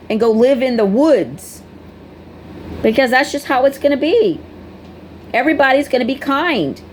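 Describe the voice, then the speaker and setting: A woman's voice: fairly high pitch, slight background noise. A woman vlogger talking casually and bluntly to her viewers, scolding them in a preachy way. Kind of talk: casual direct-to-camera talk.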